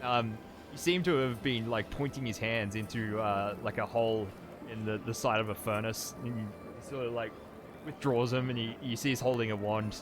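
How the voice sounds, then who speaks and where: A man narrating as game master of a tabletop game, halting with fillers and restarts. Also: medium pitch, fairly even intonation, music in the background.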